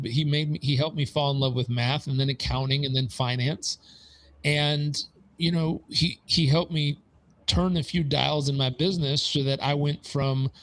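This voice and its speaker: A man in his forties, a podcast guest and business consultant, telling stories in an animated way and acting out quoted dialogue. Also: medium pitch, low-quality recording. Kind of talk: conversational storytelling.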